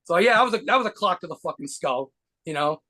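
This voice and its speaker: Fast-talking, swearing New man. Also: sits high, lively intonation, pushed and bright. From United States. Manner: rapid profane anecdotes with laughs. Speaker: guitarist interviewee. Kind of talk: fast storytelling interview.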